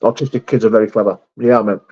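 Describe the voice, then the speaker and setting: A man's voice: fairly low pitch, steady tone, quick pace, mellow, breathy edge. A man hosting a casual live stream, reading viewer comments aloud and answering them with frank, sweary chat. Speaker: livestream host. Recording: slightly dull lo-fi stream audio.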